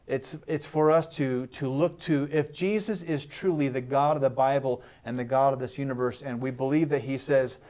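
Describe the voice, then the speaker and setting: A man giving a short, animated sermon as a guest, acting out the voices in the story with humor. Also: a little high. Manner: animated, acts out Bible voices and jokes. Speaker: guest pastor. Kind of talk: short sermon on a talk show.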